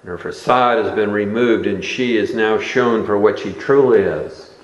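A man preaching a sermon in a slow, deliberate expository style, recorded in a church sanctuary. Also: lowish voice, echoey room, lo-fi sound.

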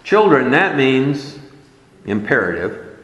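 Man preaching slow, voice going up and down a lot, emphatic, big roomy echo. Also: mid-range voice, sing-song, a bit bright, highs cut off. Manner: emphatic, repeating key words. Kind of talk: sermon.

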